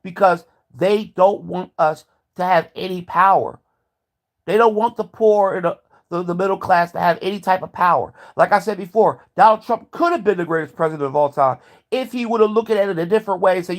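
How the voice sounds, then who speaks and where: A man's voice: high voice, a little fast. Heated, profane man ranting to camera. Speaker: vlogger. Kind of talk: ranting commentary.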